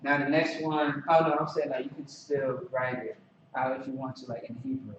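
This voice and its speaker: A man teaching a language class in a relaxed, halting way, with many fillers and restarts. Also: mid-range voice. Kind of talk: casual classroom instruction. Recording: echoey, distant, dull lo-fi recording with some noise.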